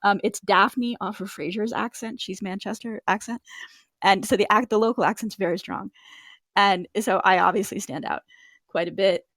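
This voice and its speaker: A woman's voice: medium pitch, fairly even intonation, moderate pace, a bit bright, no echo. An American woman from Boston, a guest author on a video call, talking casually with wry, easygoing humor. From Boston, Massachusetts. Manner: wry and easygoing, with dry asides. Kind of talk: casual interview chat.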